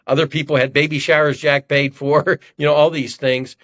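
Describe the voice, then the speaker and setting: A man's voice: on the high side, little pitch movement, moderate pace, a bit bright. An older man from Ohio, a podcast guest telling self-deprecating, rambling stories in casual conversation. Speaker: podcast guest, former congressman. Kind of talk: conversational storytelling.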